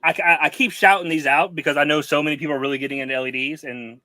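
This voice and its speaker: A man's voice: on the high side, fairly even intonation, very fast, bright, forceful tone, no room sound, poor audio. A man co-hosting a casual podcast chat, talking in a hesitant, stumbling way. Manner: hesitant, stumbling, full of fillers. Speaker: podcast co-host.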